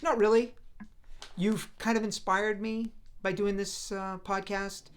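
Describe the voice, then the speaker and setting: A man's voice: high-pitched, a little slow. A man in his fifties from the US East Coast, a voice actor chatting casually as a guest over a remote call. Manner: relaxed, rambling, self-deprecating. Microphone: video call.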